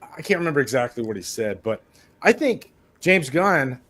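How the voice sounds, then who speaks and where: A man's voice: mid-range voice, big pitch swings, normal speed, fairly bright tone. Earnest rambling man from Mississippi. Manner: rambling, repeats words, earnest. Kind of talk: casual movie discussion.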